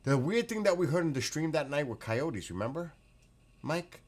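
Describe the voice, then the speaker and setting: His voice is a little high and his pace moderate as he hosts a casual livestream. He chats and reacts to viewer comments with excitable energy, frequent exclamations, and laughter.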